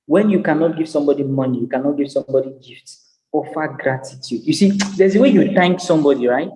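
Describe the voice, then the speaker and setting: A man's voice: on the high side, quick pace, warm tone, slight background noise. Emphatic man in a reverberant hall. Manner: emphatic and repetitive, preacher-like cadence. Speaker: business psychologist and speaker. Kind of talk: motivational lecture.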